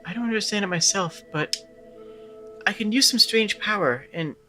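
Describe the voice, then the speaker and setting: A man's voice: high-pitched, normal speed, pushed and bright, faint music behind, voice pushed up. A man voicing a young male hero, reading game dialogue in a plain, matter-of-fact way close to his own voice. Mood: earnest.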